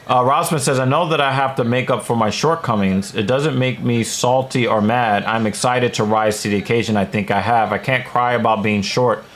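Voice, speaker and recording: A man's voice: mid-range voice, normal speed, hardly any pauses, a bit bright, slight background noise. A man hosting a livestream, reading viewer comments aloud and giving blunt, casual opinions with plenty of fillers. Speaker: livestream host reading chat.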